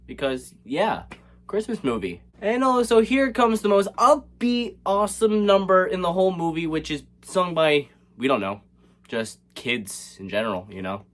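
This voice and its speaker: A man recapping a movie in a casual, comedic way, sarcastic and rambling, with many fillers and restarts. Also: high-pitched. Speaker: movie reviewer.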